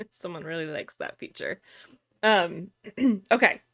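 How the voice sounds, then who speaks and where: A woman's voice: mid-range voice, lively intonation, takes it slowly, fairly bright tone. A woman co-hosting a casual chat, thinking aloud with fillers and laughing often. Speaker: co-host. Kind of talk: casual chat while sharing screen.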